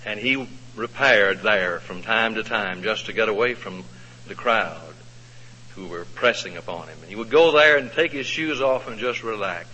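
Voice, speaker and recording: A man's voice: lowish voice, breathy edge. Folksy male preacher in an echoing hall. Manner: folksy, expressive, asks the audience questions. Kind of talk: sermon storytelling. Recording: echoey hall, dull lo-fi sound.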